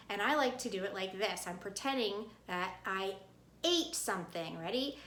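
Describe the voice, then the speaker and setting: A woman's voice: mid-range voice, expressive, fairly bright tone, echoey room. A woman teaching second graders a phonics lesson, encouraging them and calling out vowel sounds for the class to repeat. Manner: slow, encouraging, calls out sounds with hand motions. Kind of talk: recorded phonics lesson for kids.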